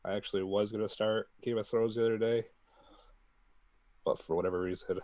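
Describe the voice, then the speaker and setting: Deep voiced dude co-hosting a podcast, blunt, swears, dry close sound. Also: male voice, steady tone, a little fast, mellow, no echo. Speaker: podcast co-host. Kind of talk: casual sports chat.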